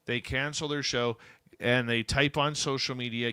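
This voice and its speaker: A man's voice: mid-range voice, steady tone, normal speed, pushed and bright, smooth, no echo. A man hosting a late-night radio show, chatting casually and reading upbeat promos into a studio mic. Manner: informal, chatty, upbeat announcer delivery.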